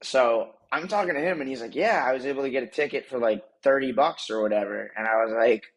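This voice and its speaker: A man's voice: mid-range voice, fast talker, rough recording. A young man co-hosting a podcast, telling a rambling, self-correcting story in casual chat and laughing at himself. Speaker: podcast co-host.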